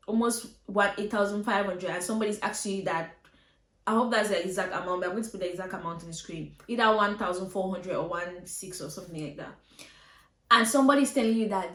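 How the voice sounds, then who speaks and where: A woman's voice: medium pitch, a bit bright, echoey room. A woman vlogger telling a story time with emotion, acting out her own quoted lines and at times getting teary. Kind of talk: storytime vlog.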